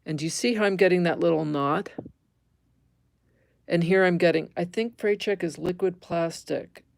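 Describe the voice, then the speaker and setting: A woman's voice: fairly low pitch, moderate pace, gravelly, a little mellow. A middle-aged woman teaching embroidery on a live stream, thinking aloud as she stitches, correcting herself and chatting with viewers.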